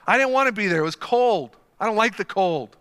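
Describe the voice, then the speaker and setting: A young man preaching a sermon, telling a story with energy and swinging from quiet asides to loud excited bursts. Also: high-pitched, a little fast, clear, resonant tone, in a large hall. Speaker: pastor.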